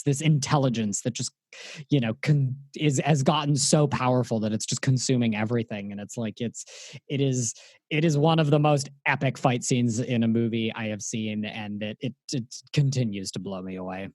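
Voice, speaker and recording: A man's voice: medium pitch, no room sound. A man chatting enthusiastically about films on a podcast, often repeating words as he thinks. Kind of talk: casual podcast chat about a film.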